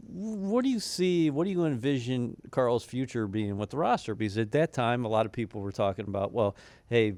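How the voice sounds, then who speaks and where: Male interviewer, conversational, long framing questions, middle pitch, dry close sound. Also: a little mellow, no echo. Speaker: team interviewer.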